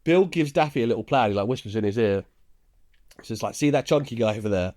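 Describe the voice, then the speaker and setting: Brief: male podcast co-host, relaxed plot-recap delivery with easy chuckles. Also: mid-range voice, quick pace. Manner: laid-back storytelling, chuckles while recounting scenes. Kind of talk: casual film recap.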